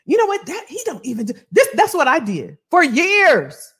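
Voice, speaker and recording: A woman's voice: sits high, normal speed. A woman podcast host giving a candid motivational talk, telling stories and acting out her old gossip. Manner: animated storytelling, acts out her past gossip.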